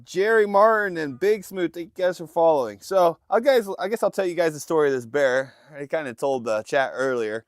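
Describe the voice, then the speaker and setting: A man's voice: on the high side, lively intonation, a little fast, hardly any pauses, no room sound. A man hosting a casual livestream from a fishing boat, telling a story and acting out his family's voices. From Alaska. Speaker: livestream host. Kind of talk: casual storytelling to live chat. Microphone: phone livestream.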